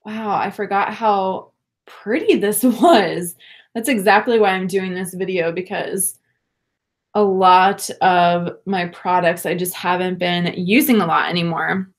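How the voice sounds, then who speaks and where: A young woman, chatting warmly and gushing to viewers during a casual livestream makeup session. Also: fairly low pitch, a little slow. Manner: bubbly, gushing, laughs often, talks to viewers. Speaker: beauty vlogger.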